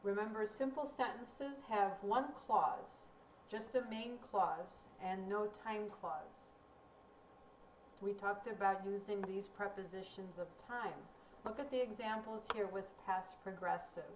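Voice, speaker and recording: A woman teaching a recorded grammar lesson, speaking slowly and clearly in a deliberate teaching manner. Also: mid-range voice. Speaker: ESL teacher. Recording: roomy, distant mic with faint room noise.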